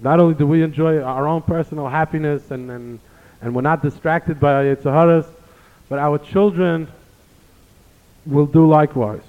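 This rabbi's voice is on the high side, with a steady tone and moderate pace. He delivers an earnest sermon built on stories and sprinkled with Hebrew phrases, recorded with tinny, phone-like sound in a reverberant hall.

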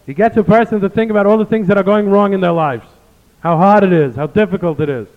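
A rabbi gives an earnest sermon, telling stories and weaving in Hebrew phrases. He talks fast in a high voice, and the sound is tinny and phone-like within a reverberant hall.

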